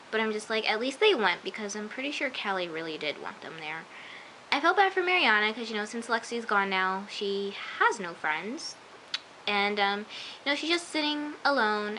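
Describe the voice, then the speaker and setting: A woman's voice: on the high side, bright, forceful tone, a little hiss or hum, rough recording. A woman chatting emphatically as she recaps and reviews a TV episode, with lots of asides. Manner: chatty, emphatic, often says "I'm just like". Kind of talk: casual recap vlog.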